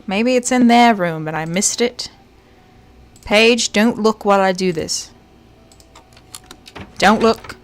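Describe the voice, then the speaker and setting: Slow and medium-pitched with long pauses, a woman streams a game live, chatting playfully to herself as she searches and tossing in the occasional jokey mock-British phrase.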